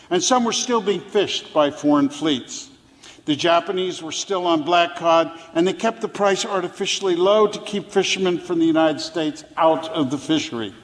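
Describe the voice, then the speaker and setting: A man reading his own prose story aloud on stage as a fisher poet, telling it in a dry manner with brief chuckles. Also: a little high. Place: theater stage. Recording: live theater with long reverb.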